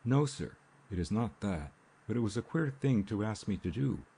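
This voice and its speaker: A man voicing a nervous, uneasy chauffeur in an audiobook, speaking haltingly and doggedly. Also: lowish voice, expressive, creaky, mellow, husky, full character voice. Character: nervous working-class male chauffeur. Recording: faint rain ambience behind.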